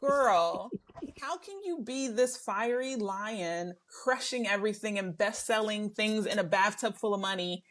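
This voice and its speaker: A woman co-hosting a podcast, chatting casually in a sassy, expressive way. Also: medium pitch, unhurried. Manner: expressive, sassy, acts out quotes. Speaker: podcast co-host.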